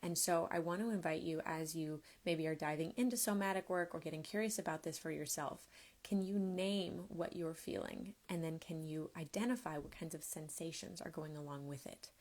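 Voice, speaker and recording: A woman coach teaches over a live stream, taking her time and speaking gently. Her voice sits low and carries a noticeable vocal fry. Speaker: somatics coach.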